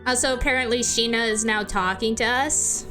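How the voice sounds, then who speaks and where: A woman's voice: fairly high pitch, fairly even intonation, normal speed, sharp tone, faint music behind. A woman streamer in casual let's-play chat, giggly and rambling as she talks over a game. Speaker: gaming streamer.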